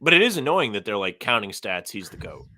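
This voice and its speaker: A man with a bright, forceful voice chats on a sports podcast, reading listener comments aloud and weighing in bluntly. His voice sounds dry and close to the mic. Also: on the low side, big pitch swings, a little fast, dry recording. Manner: reads listener comments aloud, opinionated and conversational. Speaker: podcast co-host. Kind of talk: casual sports podcast chat.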